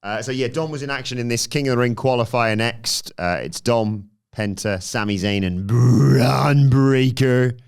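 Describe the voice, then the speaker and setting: A man co-hosting a podcast, recapping a wrestling show in casual chat and acting out quotes in animated voices. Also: unhurried, hardly any pauses, clear, resonant tone. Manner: animated, acts out quotes in high put-on voices. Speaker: podcast co-host.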